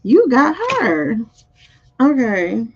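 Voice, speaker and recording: A woman with a fairly high, sing-song voice speaks very slowly during a live-streamed spiritual card reading. She muses aloud over the cards and chats with viewers, and the audio is dull and muffled.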